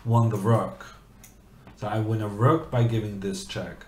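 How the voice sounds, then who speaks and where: Slow-talking man in an echoey room. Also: fairly low pitch. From Norway. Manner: rambling, chatty, reads chat questions aloud. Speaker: chess streamer. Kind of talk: casual commentary while playing chess.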